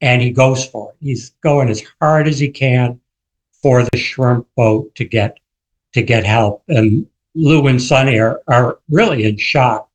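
A man who wrote the book, a guest on a radio interview, telling the story vividly and acting out quoted shouts. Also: mid-range voice, a little slow, rough recording.

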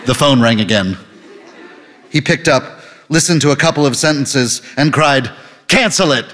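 A man reading an audiobook novel aloud in scripted narration, with a lively, dry delivery. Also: medium pitch, normal speed, big-room sound.

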